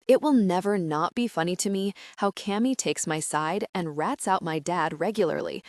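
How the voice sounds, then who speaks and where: A woman's voice: lowish voice, moderate pace, hardly any pauses, a little mellow, no room sound, studio quality. A woman narrating a first-person romance audiobook in a wry, self-deprecating way.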